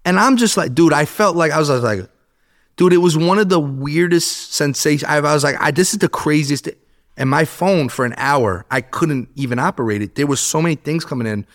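A man in his thirties, a podcast guest, telling a story in casual chat, animated and swearing, acting out what people said. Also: a little high, fairly quick. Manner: animated, swears, acts out quotes.

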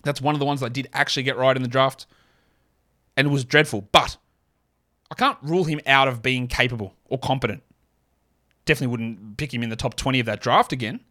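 An Australian man talks through his analysis alone on a podcast mic. His delivery is casual and conversational, full of quick asides, and his voice sits at an ordinary, middle pitch for a man. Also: pushed and bright. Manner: casual, chatty, thinks aloud with quick asides. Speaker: podcast host. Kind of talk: solo sports analysis podcast.

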